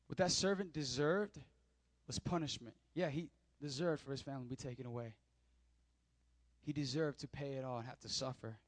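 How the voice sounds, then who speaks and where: A male pastor delivers a sermon in a notably high voice, recorded dry with no room sound. He reads scripture aloud, then drives the point home to his congregation with emphatic repetition and direct questions. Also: brisk, no room sound. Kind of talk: sermon with bible reading.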